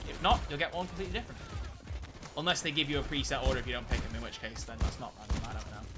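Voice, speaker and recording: A young man streaming a video game, chatting casually and rambling in a jokey way, swearing freely as he plays. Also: fairly high pitch. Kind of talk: casual gameplay commentary.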